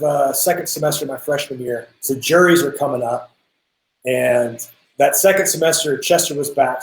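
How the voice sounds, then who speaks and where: Chatty man, slightly high voice, roomy. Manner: animated, lots of restarts, quotes people in acted voices. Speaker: guest drummer. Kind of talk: casual interview storytelling. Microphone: video call. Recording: roomy echo.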